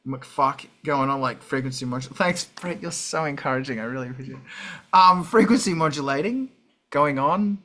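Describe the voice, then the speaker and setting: An Australian man hosting a live stream, chatting casually and wandering from topic to topic. His voice is bright and forward, and he swears freely. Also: a little high. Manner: rambling, profane, sidetracked. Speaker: livestream host.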